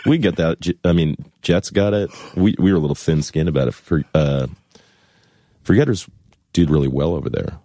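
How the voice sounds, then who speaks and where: Very deep-voiced man, rambling and jokey. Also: a little fast, mellow, no room sound, studio quality. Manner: rambling, jokey, acts out other people's voices. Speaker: musician guest. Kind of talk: casual podcast chat.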